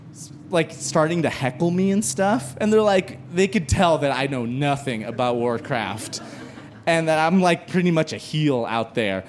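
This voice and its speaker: A man, a stand-up comedian, telling a profane, animated story live on stage and shouting his quoted lines. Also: fairly high pitch, a little hiss or hum.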